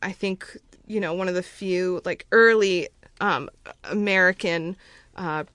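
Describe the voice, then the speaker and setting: A woman's voice: lowish voice, measured pace, fairly bright tone, no room sound. A woman musician guest talking casually in a studio, chatty and effusive with lots of fillers. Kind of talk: casual podcast chat.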